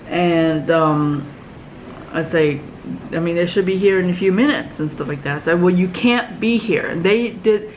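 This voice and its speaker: A woman vlogger telling a long story in a rambling, halting way, full of fillers and restarts. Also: lowish voice, fairly bright tone, slight background noise, rough recording. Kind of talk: casual story vlog.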